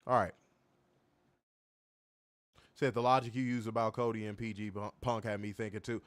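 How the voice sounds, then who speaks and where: A young man co-hosting a wrestling review livestream, reading chat comments and trash-talking in a profane, animated way. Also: lowish voice, moderate pace, no echo. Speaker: wrestling podcast co-host.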